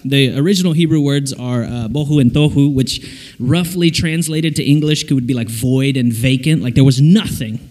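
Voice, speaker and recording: A man giving a jokey, animated sermon to young people, acting out little voices as he goes. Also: mid-range voice, normal speed. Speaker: preacher. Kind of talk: lively sermon to a youth audience. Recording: long hall reverb.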